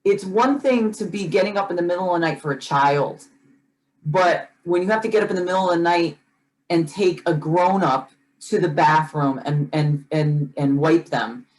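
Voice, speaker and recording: A woman's voice: on the low side, moderate pace, a little mellow, low-quality recording. A woman co-hosting a podcast in casual chat, talking earnestly and passionately, often restarting and repeating words as she gets worked up. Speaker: podcast co-host.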